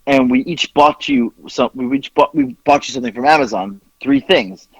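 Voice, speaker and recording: A man's voice: mid-range voice, sing-song, normal speed, no room sound, rough recording. A man telling a story in casual chat as podcast co-host, acting out the quoted voices as he goes.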